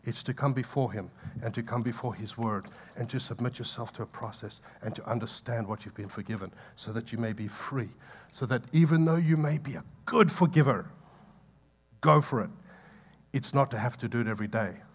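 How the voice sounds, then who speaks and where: A man preaching a sermon, swinging between loud impassioned pleading and soft asides to the congregation. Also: mid-range voice, fairly quick, slightly rough. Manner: impassioned, building to loud pleading peaks then dropping soft. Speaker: pastor.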